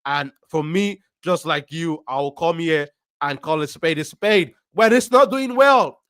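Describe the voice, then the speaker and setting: A man hosting a football fan stream, reading out viewer comments and giving his opinion in a measured way, with frequent ums and restarts. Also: high voice, a bit bright, clean tone, dry recording, clean studio sound.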